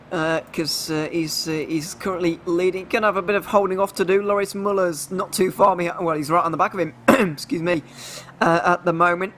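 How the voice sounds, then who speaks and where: A man's voice: high-pitched, a bit bright, a little hiss or hum. A man giving live race commentary in a chatty way, often breaking off and restarting his sentences.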